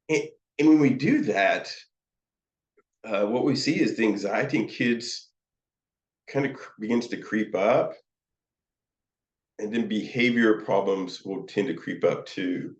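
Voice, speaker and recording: A man teaching counseling students, talking in a slow, halting way with many fillers and restarts. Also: on the low side. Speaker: counseling supervisor. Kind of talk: teaching lecture with demonstrations. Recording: roomy, dull lo-fi sound.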